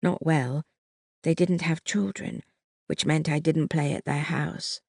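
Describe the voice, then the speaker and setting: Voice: medium pitch, fairly even intonation, unhurried, vocal fry, a little mellow, no echo. An audiobook narrator voicing a bold, defiant young woman who answers back eagerly, in a dry, close recording. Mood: hushed.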